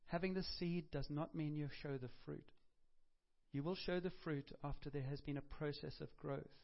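A man's voice: a little high, fairly even intonation, normal speed, creaky. A man preaching a sermon in a conversational way, with humorous asides and self-corrections. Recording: dull lo-fi recording.

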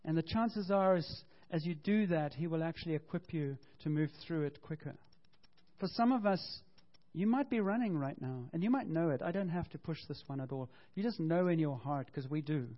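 A man preaching a sermon as pastor, animated and storytelling, acting out quotes and correcting himself as he goes. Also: a little high, normal speed. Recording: dull lo-fi sound.

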